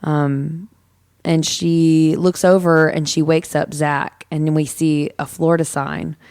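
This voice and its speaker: A woman's voice: low voice, little pitch movement, slow pace, a little mellow, smooth, no room sound, clean studio sound. A woman co-hosting a podcast, recapping a film scene in casual chat, with lots of ums and quoted lines. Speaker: podcast co-host.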